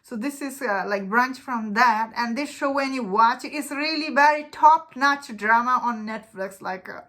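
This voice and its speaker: This is a woman chatting through her review of a show, eager and informal. Her voice sits slightly high with a bright, forward tone. Her sentences ramble loosely, full of "uh" and "like". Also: moderate pace. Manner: chatty and enthusiastic, many fillers and restarts; loose, informal English phrasing. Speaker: movie reviewer. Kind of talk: casual spoken review.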